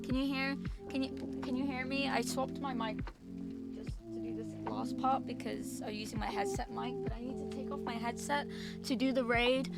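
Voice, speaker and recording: A woman's voice: high voice, steady tone, normal speed. A woman streamer chatting casually with her viewers, gushing and sentimental in a playful way. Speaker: VTuber streamer. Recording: music playing under the voice. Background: background music.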